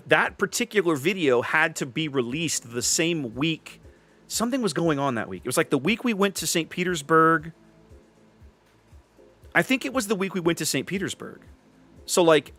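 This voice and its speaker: A man's voice: on the high side, fairly bright tone. Guy streaming a game and chatting, rambly, keeps cutting himself off. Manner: rambling, self-interrupting, chatty asides. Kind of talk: casual gameplay commentary with chat.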